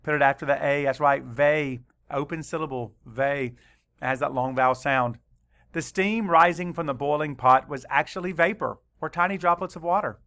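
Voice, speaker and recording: A male teacher leading a spelling lesson for children, spelling words slowly letter by letter and adding dry asides. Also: a little high, fairly bright tone.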